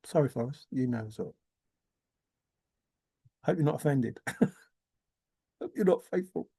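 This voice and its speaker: A man's voice: medium pitch, lively intonation, measured pace, gravelly, mellow, husky. A man rambling in a teasing, giggly solo monologue, often laughing and repeating words. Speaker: treasure-hunt video maker.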